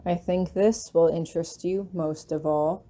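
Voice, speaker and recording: A woman's voice: fairly low pitch, fairly even intonation, unhurried, mellow, natural voice. A woman voicing a stern male magical servant, speaking in a formal, clipped way. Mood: grave.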